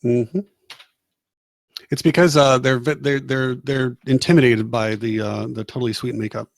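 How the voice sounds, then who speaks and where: A man's voice: mid-range voice, steady tone, normal speed, vocal fry, no room sound. Laid-back man running a tabletop game. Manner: casual, laughing, hesitant with fillers. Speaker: game master.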